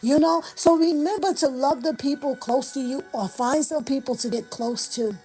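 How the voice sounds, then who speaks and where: A woman's voice: high-pitched, moderate pace, dark tone, rough recording. A woman in her fifties giving an impassioned motivational talk on a livestream, speaking in repeated, preacher-like affirmations. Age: 50s. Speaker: livestream host.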